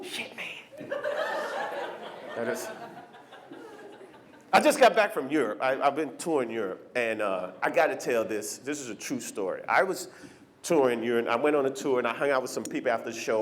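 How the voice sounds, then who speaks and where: A man doing a stand-up comedy set on a club stage, animated and often jumping into shouted character voices. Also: mid-range voice, brisk, a little hiss or hum. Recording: live club recording with crowd laughter. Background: audience laughter.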